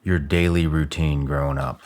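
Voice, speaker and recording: A man's voice: extremely low pitch, steady tone, moderate pace, darkish tone. A man hosting a podcast, asking a plain, casual question. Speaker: podcast host.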